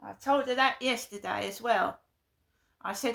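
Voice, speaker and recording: Woman vlogger, gravelly and bright, emphatic, aggrieved venting monologue. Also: a little high, unhurried.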